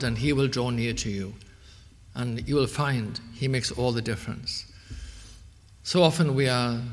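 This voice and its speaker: A male preacher delivers an earnest sermon, his voice rising to emphatic peaks before sinking back to a hushed, intimate tone. The sound carries a long reverb, as if recorded in a large church hall. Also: medium pitch.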